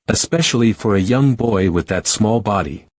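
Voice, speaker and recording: Low husky man narrating a recap. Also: lively intonation, moderate pace, no echo. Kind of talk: first-person story recap narration.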